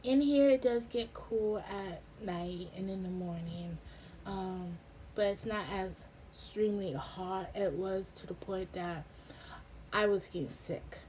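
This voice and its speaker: A young woman giving a casual personal update, halting with many ums and getting emotional. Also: mid-range voice, a little mellow, slight background noise, low-quality recording. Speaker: vlogger. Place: home in a hot desert town.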